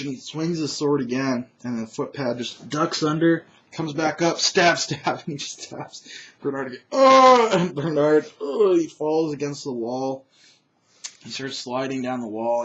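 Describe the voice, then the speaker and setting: Rambling male game recapper, dull lo-fi audio. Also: medium pitch. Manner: rambling, full of fillers and restarts, chuckling. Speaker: storyteller recapping a tabletop game. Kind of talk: casual game recap narration. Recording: dull lo-fi recording.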